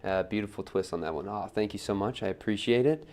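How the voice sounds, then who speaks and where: A man giving a relaxed live pottery demonstration at the wheel, talking through each step on a wireless mic in his studio. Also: lowish voice, quick pace. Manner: relaxed, talks while working at the wheel, reads chat aloud. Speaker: pottery teacher streaming a demo. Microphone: wireless transmitter mic.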